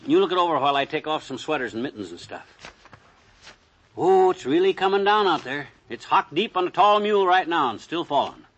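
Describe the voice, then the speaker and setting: An actor playing a blustery, folksy husband in 1940s radio comedy, brash and wisecracking. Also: male voice, a little high, animated, brisk, a bit bright, muffled recording. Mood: grumbling. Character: blustery, stubborn, folksy middle-aged husband. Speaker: comic lead in a radio sitcom.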